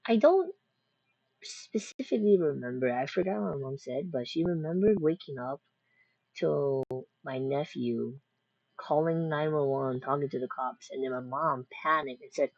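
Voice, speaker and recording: A woman with a lowish, husky voice rambles through a casual reaction, cutting in with jokes and side stories. The sound is dry and a bit dull, like a simple home mic. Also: lively intonation, moderate pace, a little mellow, no room sound. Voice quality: rambling, jokey, self-interrupting. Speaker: reaction video creator.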